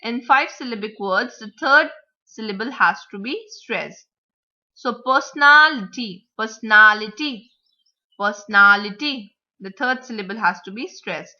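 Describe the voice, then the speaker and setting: Bright-voiced woman teaching lesson. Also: on the high side, animated. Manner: repeats example words slowly to model stress. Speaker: English teacher. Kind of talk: classroom lesson explaining grammar and word stress. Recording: dull lo-fi recording.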